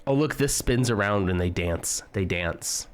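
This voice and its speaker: A man's voice: on the low side, lively intonation, measured pace, clear, resonant tone. A man streaming live, chatting casually and joking with his viewers as he browses. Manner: chatty, joking, talks to chat while browsing.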